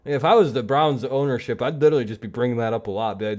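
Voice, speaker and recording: A man hosts a casual live football talk stream, rambling, joking, swearing plenty and laughing along. His voice sits at a medium pitch with a darkish tone, and he talks quickly with hardly any pauses.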